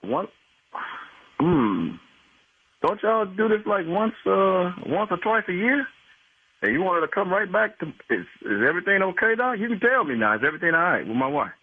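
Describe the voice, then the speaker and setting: Indignant husband on a tinny phone line. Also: male voice, high-pitched, big pitch swings, normal speed, husky. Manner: indignant, protective, repeats phrases back angrily. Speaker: prank call victim.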